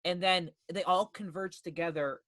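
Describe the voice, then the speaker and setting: A man co-hosting a casual film podcast, animated and swearing freely as he acts out his reactions. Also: sits high, moderate pace, no room sound. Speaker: podcast co-host.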